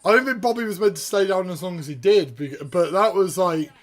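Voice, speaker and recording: A man giving live reaction commentary, excitable, repeating himself and breaking into shouts. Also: high voice, a little fast. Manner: excitable, bursts into shouts and laughs; repeats words and restarts in excitement. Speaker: video host reacting to a wrestling event.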